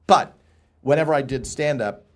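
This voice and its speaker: A man's voice: medium pitch, normal speed. A man, a comedy writer appearing as a guest, rambling through casual anecdotes and acting out the lines of the people in them. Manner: rambling, acts out quotes from his stories. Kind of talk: casual anecdotes on a live stream.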